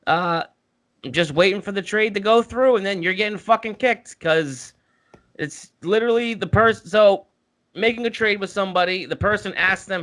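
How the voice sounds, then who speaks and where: Guy ranting and cussing on a podcast, kinda high bright voice. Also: moderate pace. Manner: profane ranting storyteller. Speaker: podcast co-host. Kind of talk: casual podcast chat.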